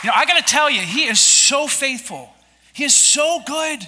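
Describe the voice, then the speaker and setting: A man's voice: very high voice, lively intonation, moderate pace, bright, forceful tone, some chatter behind. A man preaching a sermon to his congregation in a church, emphatic and repetitive, often asking the listeners to say lines back with him. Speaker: pastor. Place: church sanctuary before a congregation.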